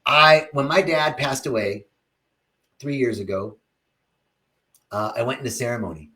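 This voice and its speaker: Reflective man teaching on a livestream. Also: unhurried. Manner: reflective, animated storytelling with dramatic pitch swings. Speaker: spiritual teacher. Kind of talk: livestream talk answering viewer comments.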